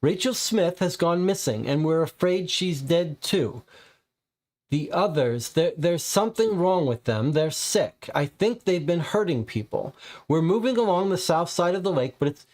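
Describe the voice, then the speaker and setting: A man's voice: a little high, animated, normal speed, a little mellow, pitched above the performer's own voice, lightly acted. A man reading a game transcript aloud, voicing a terrified young woman who stammers frantic pleas for rescue. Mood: desperate.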